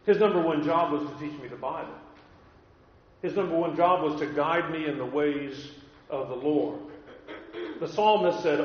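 A man's voice: on the high side, normal speed, pauses often. A man from California preaching a sermon, telling stories and repeating key phrases with emphasis, in a church hall. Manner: earnest storytelling, emphatic repetition. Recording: echoey hall, dull lo-fi.

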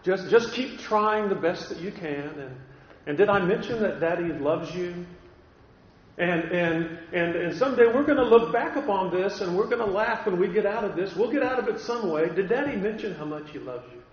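A man's voice: sits high, lively intonation. A man playing a distant father who offers vague encouragement, stammering and repeating himself, in an echoey, dull-sounding hall. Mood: hollow reassurance. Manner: halting, repeats words, soft reassuring.

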